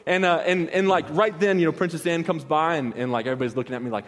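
A man's voice: a little high, fast, hardly any pauses, in a large hall. A young man preaching, telling a story in a loose, slangy way with many restarts. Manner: casual, rambling, with slangy asides and many restarts. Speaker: pastor. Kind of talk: storytelling sermon.

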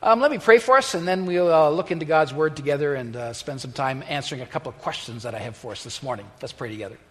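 A pastor preaching a sermon and telling a story, with frequent fillers and restarts, in a church sanctuary. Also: male voice, a little high, fast talker. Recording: long church reverb.

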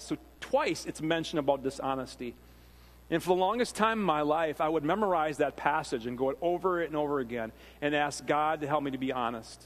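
A man from Minnesota with a Minnesotan accent, preaching a sermon in a conversational, animated storytelling way with frequent fillers and restarts. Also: a little high, brisk. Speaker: pastor. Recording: long reverb of a large hall.

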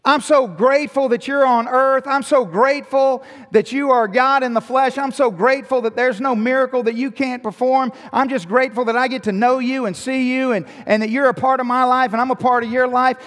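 A man doing a grieving, indignant woman, high pleading voice, long church-hall reverb. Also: steady tone, a little fast, few pauses, fairly bright tone. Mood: grateful. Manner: raised, pleading, accusing delivery. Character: grieving, indignant woman disciple confronting a friend. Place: church sanctuary.

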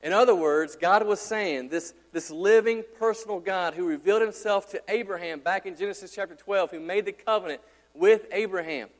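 A man's voice: high voice, moderate pace. A man in his thirties, a pastor, preaching an emphatic sermon with repeated rhetorical questions. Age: 30s. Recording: long hall reverb.

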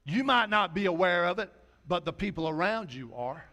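Man, pastor, folksy sermon, slightly high voice, soft quoted asides. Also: expressive, normal speed.

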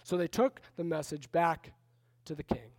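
High-voiced man preaching a casual sermon. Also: normal speed. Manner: conversational, animated retelling with restarts. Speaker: pastor.

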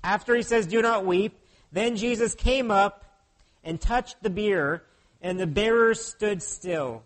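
A man's voice: high-pitched, slow. A pastor preaching a sermon in an earnest way, often putting questions to his listeners.

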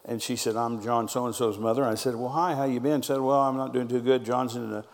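A long reverb tail trails the fairly quick, mid-range voice of a middle-aged pastor, whose intonation stays fairly even. He tells stories in his sermon, quoting people going back and forth.

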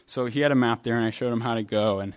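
Conversational New York pastor preaching. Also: male voice, medium pitch, quick pace, clear, resonant tone. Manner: conversational storytelling with hesitations. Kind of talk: sermon.

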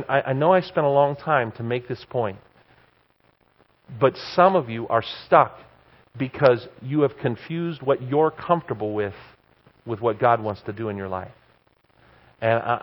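Male preacher, animated storyteller, muffled lo-fi recording. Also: medium pitch. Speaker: pastor and professor. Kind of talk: sermon. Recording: dull lo-fi sound.

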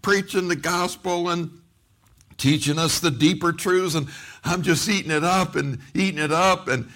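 With a somewhat high voice and a moderate pace, this middle-aged pastor delivers a sermon full of animated stories and acted-out quotes. Repeated words and restarts come up frequently.

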